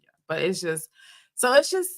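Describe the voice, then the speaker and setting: A woman co-hosting a casual faith and news chat, relaxed and talking straight to her listeners. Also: on the low side, normal speed. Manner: relaxed, talks straight to listeners, often says y'all. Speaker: co-host of a weekly faith and news show.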